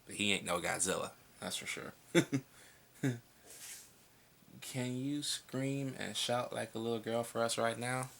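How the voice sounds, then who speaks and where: A man's voice: mid-range voice, a little slow, creaky, fairly bright tone. A young man answering viewer questions in a casual vlog at home at night. He is laid-back and blunt, and he swears freely.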